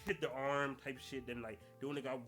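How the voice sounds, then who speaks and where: A man's voice: mid-range voice, flat delivery, brisk, a bit bright, soft background music. A young adult man hosting a podcast, talking in casual, slangy solo commentary and laughing through his rants. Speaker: podcast host.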